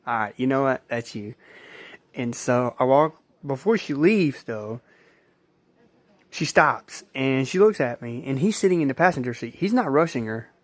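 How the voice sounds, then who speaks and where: Man, casual vlog storyteller, rambling and repetitive, dry close sound, mid pitch. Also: lively intonation, moderate pace, no echo. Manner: rambling, repetitive retelling with acted-out quotes. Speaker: vlogger.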